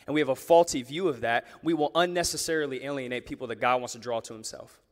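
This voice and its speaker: A pastor preaching a sermon to a church audience, talking in a lively, conversational way and leaning on rhetorical questions. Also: male voice, mid-range voice. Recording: long reverb of a large hall.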